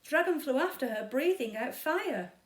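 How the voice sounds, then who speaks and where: Woman reading a kids story, super expressive, slow, echoey room. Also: high-pitched, distant mic. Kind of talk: children's read-aloud storytime.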